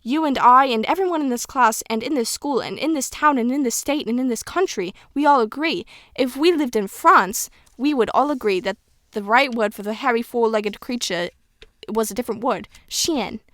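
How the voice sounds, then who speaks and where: A woman's voice: on the high side, normal speed, fairly bright tone, dry recording, studio quality, natural voice. A woman putting on a put-on British accent to voice a prim old schoolteacher woman. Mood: lecturing.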